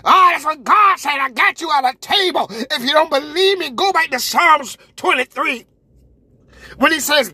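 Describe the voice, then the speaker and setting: A woman preacher delivering a sermon, shouting with call-and-response to the congregation. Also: sits high, lively intonation, normal speed, no room sound.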